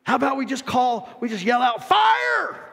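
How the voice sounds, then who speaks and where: A pastor putting on a loud, excitable buddy with a raised, very high voice that bursts into yells. A long hall echo trails behind him. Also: male voice, brisk, gravelly, heavily acted. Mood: excited. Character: excitable man with a wild idea.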